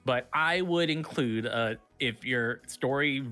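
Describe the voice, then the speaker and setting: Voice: mid-range voice, slow pace, pushed and bright, faint music behind. A streaming talk show host explaining personal definitions in a playful, opinionated way. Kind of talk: casual streamed chat.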